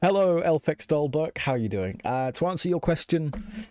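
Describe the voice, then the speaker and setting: A man's voice: fairly high pitch, animated, normal speed, a little mellow, no room sound. Apologetic man rambling on a live stream. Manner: rambling, thinks aloud, reads and answers chat; apologetic, self-conscious. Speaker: live streamer building Linux. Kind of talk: casual live-stream chat while working.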